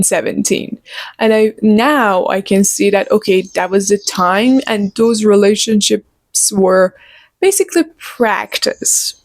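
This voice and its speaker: A young woman in her twenties chatting casually to her viewers about a book, animated and opinionated. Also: medium pitch, vocal fry, dry recording. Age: 20s. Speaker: book vlogger. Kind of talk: casual chat.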